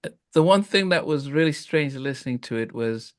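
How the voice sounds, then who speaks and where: A man hosting a casual interview, speaking in halting phrases with many fillers. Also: medium pitch, lively intonation, no echo, studio quality. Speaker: host.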